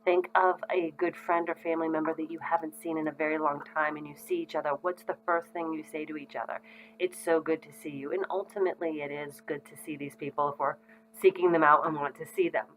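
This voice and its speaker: Low-voiced woman giving parenting advice. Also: flat delivery, fast talker, fairly bright tone, poor audio. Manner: frequent ums, conversational and reassuring. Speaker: parenting educator. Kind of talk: casual instructional talk to parents.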